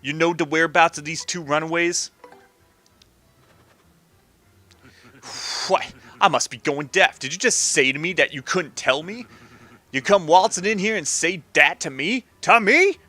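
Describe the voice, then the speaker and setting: Don Pianta, a man doing a gruff mob boss. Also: fairly high pitch, moderate pace, pushed and bright. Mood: menacing. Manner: tough-guy mobster talk. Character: mob boss, gruff, hot-tempered, secretly soft.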